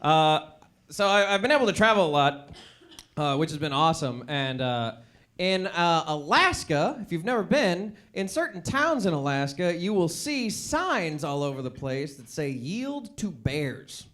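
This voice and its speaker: Thirties guy doing standup on a theatre stage, pretty high voice, rambly with lots of uh. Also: sing-song, moderate pace, a bit bright. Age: 30s. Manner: rambling, self-deprecating, lots of uh and like. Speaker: stand-up comedian. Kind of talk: stand-up comedy set.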